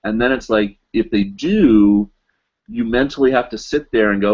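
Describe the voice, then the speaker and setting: A man's voice: medium pitch, lively intonation, moderate pace, darkish tone. A man in his thirties chatting casually on a live stream, answering viewers with many ums and restarts, from his apartment. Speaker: vlog host answering live chat. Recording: dull lo-fi webcam audio.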